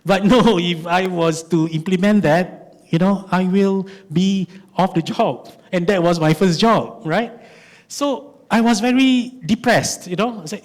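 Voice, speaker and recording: A man in his forties with a Malaysian English accent, giving an animated conference talk, telling stories and asking rhetorical questions. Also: high voice, measured pace. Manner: animated storytelling, lots of rhetorical "right?". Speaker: conference speaker.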